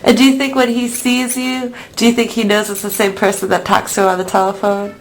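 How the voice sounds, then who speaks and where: A woman interviewing for a documentary, asking short, gentle questions. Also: medium pitch, little pitch movement, brisk, a little hiss or hum, rough recording.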